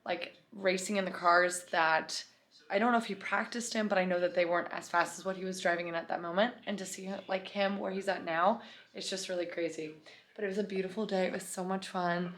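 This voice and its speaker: A woman's voice: fairly low pitch, fairly even intonation, fairly quick, fairly bright tone. A young adult woman vlogging in a casual, chatty way, rambling with lots of "like". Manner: chatty, rambling, heavy use of "like". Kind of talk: casual vlog chat to camera.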